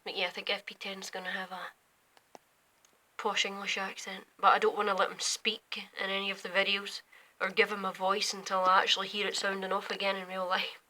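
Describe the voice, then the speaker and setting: A young woman rambling at night from her bedroom window, often slipping into quiet whispers while filming on her phone. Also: medium pitch, monotone, a little fast, low-quality recording. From Scotland. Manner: drifts between quiet whispers and louder asides. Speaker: vlogger. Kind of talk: rambling night-time chat.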